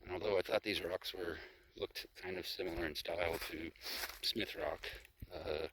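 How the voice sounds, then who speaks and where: Hiking down a mountain trail, this young man narrates his travel vlog into a handheld camera, rambling with many fillers and restarts. He speaks in a low, steady voice at a moderate pace, and the outdoor audio is noisy.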